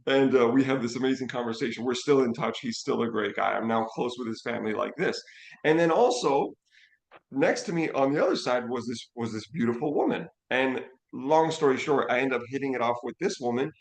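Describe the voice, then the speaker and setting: A man telling stories in easy conversation, lively and eager to act out what he said and felt. His voice sits in a middle range and carries the echo of a roomy space. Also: mid-range voice. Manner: animated storyteller, acts out his own reactions. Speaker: financial educator and co-host. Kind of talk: casual storytelling chat.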